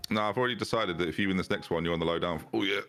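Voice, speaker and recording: A deep-voiced man with a gravelly edge talks fast and teases his friends on a game stream. His banter is dry and mock-insistent. Faint music plays behind him. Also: fairly bright tone. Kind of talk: casual gaming stream banter.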